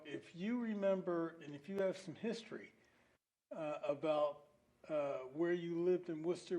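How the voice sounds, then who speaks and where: A man's voice: a little high, mellow, poor audio. A man hosting a local-history talk show, rambling a little with fillers and restarts. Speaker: host. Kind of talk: casual local-history chat.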